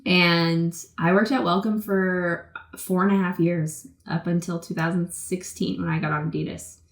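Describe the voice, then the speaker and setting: A woman in her twenties from the Boston area, telling stories in a casual interview, talking fast and loose with lots of "like" and acted-out quotes. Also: on the low side, steady tone, reverberant. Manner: chatty, many "like" fillers, acts out quotes. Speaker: guest, pro skateboarder.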